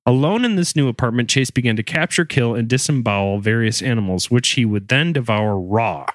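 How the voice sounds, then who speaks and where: A man hosts a podcast and tells a grim story in a loose, joking way, swearing freely. His voice sits at an ordinary pitch and sounds dry and close, with no room around it. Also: lively intonation, a little fast, no echo. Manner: profane and joking. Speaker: podcast host telling a true crime story. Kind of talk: casual chat, comedic retelling.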